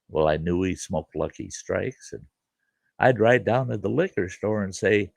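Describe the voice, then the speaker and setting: Telling a meandering story from his childhood, this middle-aged host keeps it folksy and casual, leaning on fillers such as "you know." He speaks at a moderate pace in a low voice with vocal fry and a slightly mellow quality, recorded dry.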